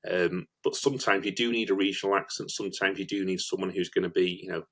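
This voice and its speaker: A man talks in a very low voice as an interview guest. He explains his work in detail and often repeats a word before moving on. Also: little pitch movement, fast talker, fairly bright tone. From northern England. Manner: explanatory, repeats words as he goes. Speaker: video production company founder, guest. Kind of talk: conversational interview.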